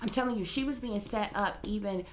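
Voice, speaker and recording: Speaking at a medium pitch and a little fast, a woman hosts her own channel as a psychic reader. Her commentary is casual, with some swearing and repeated, emphatic "okay?" checks.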